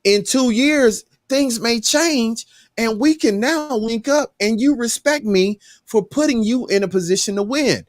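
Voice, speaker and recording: A man's voice: very high voice, a little slow, no echo, studio quality. A man, a podcast co-host telling stories in casual chat with emphatic, preachy conviction.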